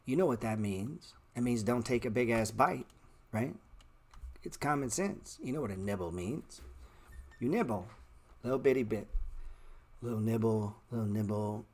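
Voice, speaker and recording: A man hosts a live stock-trading stream, answering the chat in blunt, slangy street talk, calling viewers "bro" and playfully repeating words. His voice is mid-range with a darkish tone, and he talks at normal speed with frequent pauses.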